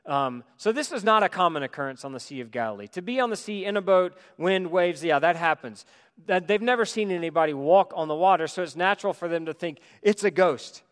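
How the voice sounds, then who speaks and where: A man delivers a sermon in a slightly raised voice, his words ringing out with a long hall reverb. He swings between emphatic, loud preaching and soft, hushed reflection. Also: sits high, lively intonation, quick pace, clean tone. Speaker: pastor.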